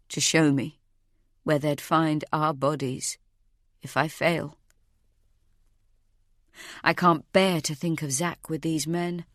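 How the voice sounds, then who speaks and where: Woman reading a thriller audiobook, low voice, dry close sound, tense. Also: no echo. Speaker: audiobook narrator. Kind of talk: first-person thriller narration.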